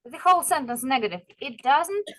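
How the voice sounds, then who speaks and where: High-voiced Russian woman teaching English. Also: lively intonation, fairly bright tone. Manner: encouraging, repeats phrases slowly to model pronunciation. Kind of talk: online English lesson.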